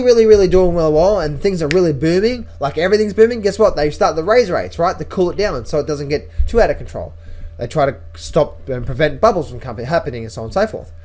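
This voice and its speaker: Male trader, casual vlog read, slightly raised pitch, emphatic with lots of repeats. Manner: emphatic, repeats words and restarts sentences. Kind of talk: casual market-update vlog.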